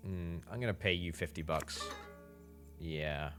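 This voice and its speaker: A man giving chatty commentary while playing a management game, thinking out loud and repeating words for emphasis, with faint game music behind him. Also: low voice, a little slow. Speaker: game streamer. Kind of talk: gameplay commentary.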